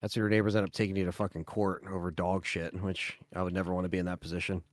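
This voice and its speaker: Low voiced guy on a gaming podcast, chill and blunt, swears a lot, dry sound. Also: little pitch movement, rapid-fire, dry recording. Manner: laid-back, blunt, swears casually. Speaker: podcast co-host. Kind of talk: casual gaming podcast chat.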